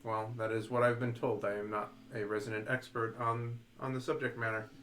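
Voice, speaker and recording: An earnest, stiffly formal warforged played by a man in a tabletop game. He picks his words carefully and pauses with small hesitations. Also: mid-range voice, level tone, fairly bright tone, natural voice. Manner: formal, precise wording with hesitations.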